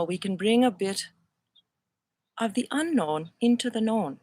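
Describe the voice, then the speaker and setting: A woman's voice: a little high, lively intonation, a little mellow, dry recording. Woman in her fifties with a playful put-on Irish accent. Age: 50s. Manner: playful, musing, drawn-out phrasing. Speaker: host. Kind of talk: casual spiritual livestream talk. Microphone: camera mic.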